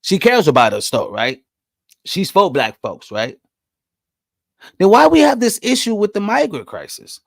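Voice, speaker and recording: A man ranting on his podcast, fiery and profane, his voice swinging widely from low mutters to sharp high outbursts. He sits slightly high for a man. The sound is close and dry, with no room around it. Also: very animated, unhurried, gravelly, long pauses, no room sound. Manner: profane, fired-up, rhetorical questions; frequent "right?" and "you know what I mean?". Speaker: podcast host. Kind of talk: heated monologue rant.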